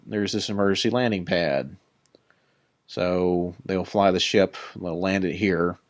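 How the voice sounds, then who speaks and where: A man with a deep, slightly worn voice casually tours his Minecraft build in let's-play style, rambling, putting himself down, and talking to the game's creatures. The recording has no echo.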